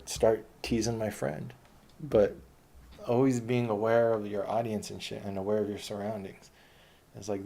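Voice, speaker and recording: A man's voice: fairly low pitch, gravelly, darkish tone. A man telling a long personal story in a casual, rambling, profane way.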